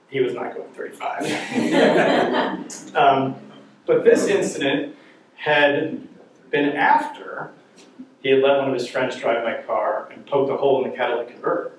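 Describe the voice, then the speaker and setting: A man's voice: medium pitch, a little hiss or hum. A middle-aged man teaching a church parenting class, telling joking stories and asking the audience questions. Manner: jokey, anecdotal, asks the audience questions. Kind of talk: humorous storytelling talk to a class. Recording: very echoey room, voice from far off.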